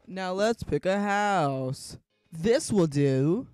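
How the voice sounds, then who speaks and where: Male game commentator, high bouncy voice, dry close mic, jokey and excitable, faint music behind. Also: extremely slow, clean tone, no room sound. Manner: joking, grows frantic and yelling. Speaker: gaming commentator.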